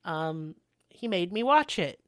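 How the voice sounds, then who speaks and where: A woman's voice: lowish voice, lively intonation, slow, no echo, studio quality. A woman co-hosting a podcast, chatting casually and joking through the show announcements, rambling with frequent restarts. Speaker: podcast co-host.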